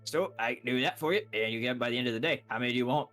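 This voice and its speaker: A man voicing a gruff male shopkeeper with a put-on Brooklyn accent and a smoky, gravelly voice, rambling as he haggles over prices in a tabletop game. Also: medium pitch, rapid-fire, a bit bright, faint music behind, lightly acted. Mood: haggling. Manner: rambling, haggling, self-correcting. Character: gruff male human shopkeeper, haggling chain-smoker type.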